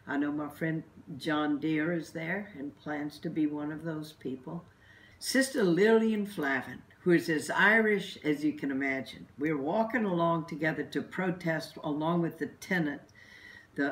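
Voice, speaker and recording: A woman's voice: low-pitched, far from the mic, a little hiss or hum. A woman who is a religious sister and activist, giving an earnest, emphatic recorded message of encouragement to protesters. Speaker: religious sister and anti-death-penalty activist.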